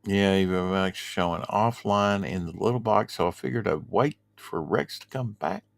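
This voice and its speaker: A man with a somewhat low voice hosts a relaxed livestream from his home computer, wandering between tech gripes and comic-book trivia. He reads viewer comments aloud in an easygoing, rambling way. The sound is dry and close, with no room echo. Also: normal speed, gravelly. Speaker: podcast host. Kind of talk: casual livestream chat about comics.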